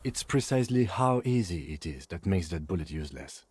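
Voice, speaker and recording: A calm reserved cop lieutenant in a game, deep dark husky voice, super dry measured talk. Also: male voice, no room sound. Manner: measured, matter-of-fact, dry. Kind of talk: video game voice acting.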